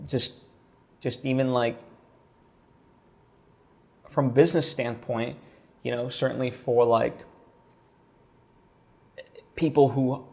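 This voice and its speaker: A man's voice: medium pitch, fairly even intonation, takes it slowly, gravelly, pauses often, a little mellow. A man talking straight to camera in a casual vlog, thinking aloud with lots of fillers and restarts. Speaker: vlogger.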